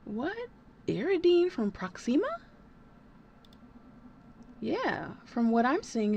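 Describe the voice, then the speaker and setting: A woman playing a game for the first time, reacting excitedly and reading dialogue aloud between her comments. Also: on the high side, slow pace, gravelly, pauses often, slight background noise. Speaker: gaming video creator. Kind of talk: let's play commentary.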